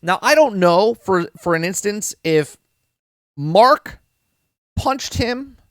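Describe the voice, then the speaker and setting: A man's voice: mid-range voice, no echo, studio quality. A man hosting a live-stream podcast, reviewing a TV episode in casual talk, rambling, repeating words and often checking in with "right?".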